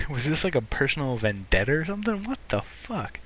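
A man's voice: mid-range voice, wildly swooping pitch, normal speed, fairly bright tone. A young man ranting into the camera as a vlogger, swearing a lot and often restarting his sentences. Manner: profane and indignant, restarting often. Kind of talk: ranting commentary.

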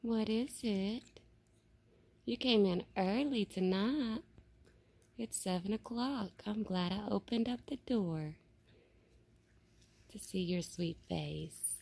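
A woman talking baby talk to a raccoon she is feeding, softly calling and coaxing it at an open door at night. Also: medium pitch, takes it slowly, gravelly, pauses often, husky. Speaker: vlogger feeding a wild raccoon. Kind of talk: casual cooing to an animal.

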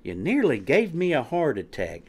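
A man's voice: on the high side, huge pitch swings, moderate pace, breathy edge, voice pushed up, heavily acted. A man voicing a scrawny, brave young male chick in a storybook reading, earnest and chirpy.

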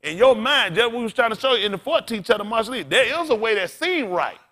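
High, bright-voiced man preaching bluntly. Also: lively intonation, fast. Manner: blunt, colloquial preaching with frequent swearing and questions to the congregation. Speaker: pastor. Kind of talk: sermon.

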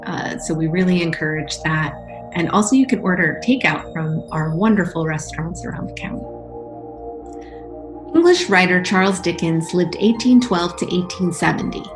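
A woman's voice: fairly low pitch, normal speed. A woman presenting a county arts program, giving friendly, informative narration. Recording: narration over loud music.

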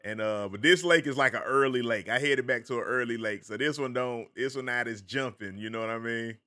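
A man with a Southern American accent hosts a relaxed live stream, greeting viewers by name in a loose, chatty way. His voice is bright and forward, pitched in an ordinary middle range. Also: brisk. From American South, the Carolinas. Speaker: game streamer.

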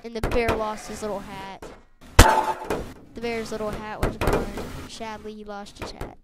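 A woman narrating a ragdoll fight in a game, blurting sound effects and rushing through excited play-by-play. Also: medium pitch. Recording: loud background noise.

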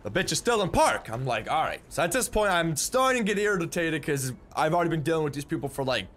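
A man's voice: on the high side, big pitch swings, fast, fairly bright tone. Young man telling a rambling story. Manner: rambling, repeats words, blunt and profane. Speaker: vlogger. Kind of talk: casual spoken storytelling.

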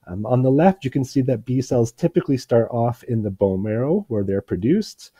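A man presenting a medical lecture, slightly hoarse from a cold, explaining in a measured way with frequent pauses and fillers. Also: on the low side, mellow, no echo. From Canada. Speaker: hematologist presenter.

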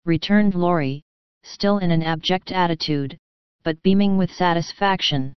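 A woman narrating a classic novel as an audiobook, reading in a calm, measured way. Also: on the low side, clean tone, no echo, lo-fi sound. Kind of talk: scripted storybook narration.

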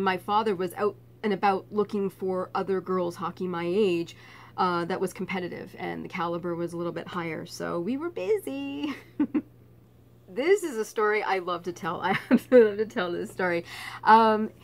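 A middle-aged woman from Canada telling a personal story in a casual vlog, laughing often and getting animated. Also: mid-range voice. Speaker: vlogger.

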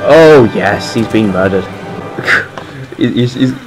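Give me an animated young man commentating a game, unhurried delivery, music behind him. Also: on the low side. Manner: animated, swearing, laughing, shouting orders. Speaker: gaming video host. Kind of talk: excited gameplay commentary.

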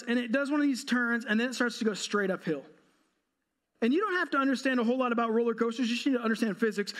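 A pastor in his thirties speaks with a strikingly high voice for a man. He preaches a sermon by telling a humorous, self-mocking story, and speaks with a storyteller's timing. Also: fairly bright tone. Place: church.

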